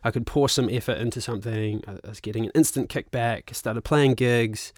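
Animated New Zealand man, 30s, casual storyteller with a mid-range voice, dry close mic. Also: medium pitch, brisk, dry recording. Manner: animated, swears freely, laughs often. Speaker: guest musician and actor.

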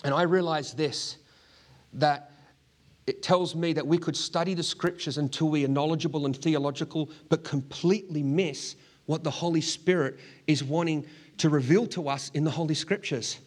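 A man's voice: fairly high pitch, fairly even intonation, normal speed. A middle-aged man preaching a sermon, telling a personal story earnestly and laughing often as he goes. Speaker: pastor.

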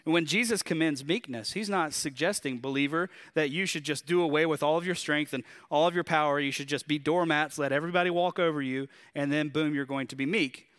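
A man with a Southern drawl delivers a sermon, chatty and lively, throwing rhetorical questions at the congregation. His voice sits a little high and rings bright and forceful. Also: fairly quick, few pauses. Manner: conversational and animated, with rhetorical questions. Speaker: pastor.

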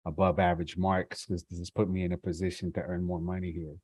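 A man in casual chat, talking in a relaxed, slangy way with many fillers. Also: sits low, fast, slightly rough.

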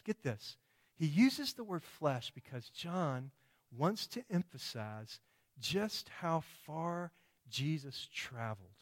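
A man preaching a sermon, emphatic, with many rhetorical questions and quoted voices. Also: mid-range voice.

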